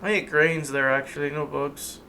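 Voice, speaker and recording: A man streaming a video game with animated, jokey, sweary commentary. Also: on the high side, normal speed, a little hiss or hum. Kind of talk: casual let's-play commentary.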